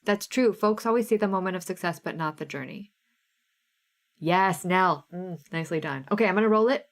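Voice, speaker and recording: A woman's voice: fairly low pitch, fairly quick. A woman in her thirties with a Midwestern American accent, hosting a live craft sale stream in a casual, bubbly way and reading out viewers' names.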